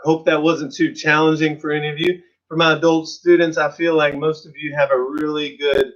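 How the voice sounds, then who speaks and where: A man gives an online drum lesson from a percussion studio, counting beats aloud in a relaxed, encouraging way. His voice is a little high, and the recording sounds muffled.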